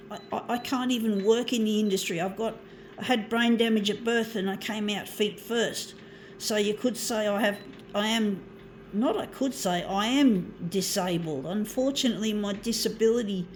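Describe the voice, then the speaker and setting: A woman's voice: mid-range voice, slight background noise. A woman, talking to viewers in a rambling, casual vlog monologue while she works on her art, swearing often and calling them folks. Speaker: artist vlogger.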